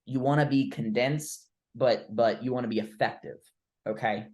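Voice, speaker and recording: A man's voice: mid-range voice, fairly even intonation, moderate pace, darkish tone. A man coaching a trainee through cold-call role-play, blunt and informal, with the odd swear word. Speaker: recruiting coach.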